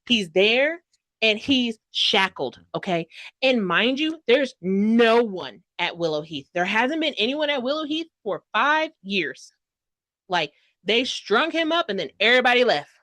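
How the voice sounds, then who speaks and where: A woman giving a casual book review, gushing and chatty, full of fillers, acting out characters' lines with sudden loud outbursts. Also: a little high, no room sound, clean studio sound. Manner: dramatic quoted voices and sudden loud outbursts.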